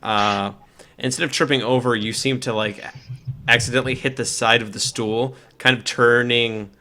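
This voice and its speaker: A man running a tabletop game as game master, narrating with many pauses, uhs and likes. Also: mid-range voice, fairly even intonation, sharp tone. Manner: hesitant, full of uh and like.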